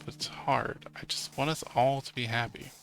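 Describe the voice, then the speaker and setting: A man voicing a quiet, hesitant teenage girl who speaks softly. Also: medium pitch, fairly even intonation, normal speed, creaky, in a whisper, faint music behind. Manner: soft, hesitant.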